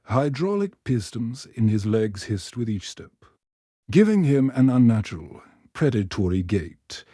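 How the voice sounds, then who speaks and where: A man reads a scripted story in a steady, even delivery. His voice is dark and mellow. The recording is dry and close, with no room sound. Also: medium pitch, measured pace, breathy edge, no echo. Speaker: narrator.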